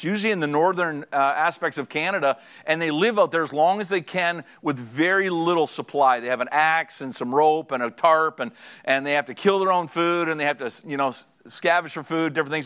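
A man's voice: fairly high pitch, clean tone. A middle-aged man preaching a sermon as a pastor, telling stories with humor and acting out conversations. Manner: animated storytelling, acting out conversations; joking, draws audience laughter.

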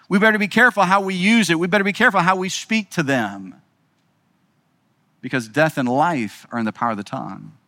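A middle-aged man preaching, his voice sitting a little high for a man. He hammers home repeated phrases, dropping to near-quiet asides and then rising with urgency. The sound is close and dry, with little room around it. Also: no echo. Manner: swings between quiet intimate lines and raised emphatic ones. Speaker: pastor. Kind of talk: sermon.

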